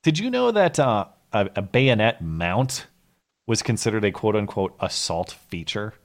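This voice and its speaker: Low-voiced man co-hosting a call-in show. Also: sing-song, unhurried. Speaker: podcast co-host. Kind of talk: casual call-in show chat.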